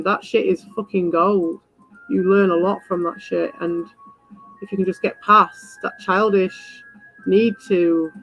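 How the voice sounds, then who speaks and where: A woman's voice: mid-range voice, dry recording. A woman hosting a livestream, talking bluntly and rambling to her viewers with a lot of swearing and confrontation. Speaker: livestream host. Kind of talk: rambling live chat to viewers. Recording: dull lo-fi with faint music.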